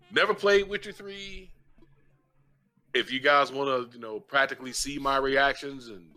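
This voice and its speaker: A man's voice: medium pitch, bright, forceful tone. A man co-hosting a gaming podcast, chatting casually and joking playfully. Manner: playful, joking, laughs often. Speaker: podcast co-host. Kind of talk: casual chat.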